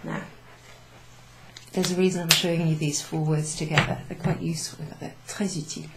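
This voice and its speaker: A woman's voice: low voice, fairly even intonation, brisk, creaky, heavy background noise. A woman teaching a beginners' French recap, explaining patiently and switching between English and French. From Wales. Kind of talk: relaxed classroom recap lesson. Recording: echoey room with faint background.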